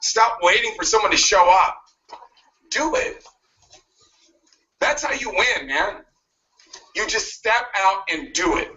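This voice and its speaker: A man's voice: high voice, animated, takes it slowly, pauses often, sharp tone. A man giving a pushy motivational speech, cracking jabs and laughing at his own lines. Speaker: motivational speaker. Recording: muffled video played back from a distance.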